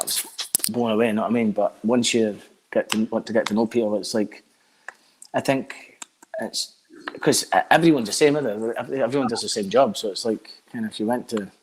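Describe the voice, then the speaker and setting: A man's voice: lowish voice, brisk, background noise. A Scottish man in his thirties, a band frontman chatting casually as a guest, rambling and swearing with lots of filler words. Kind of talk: casual chat.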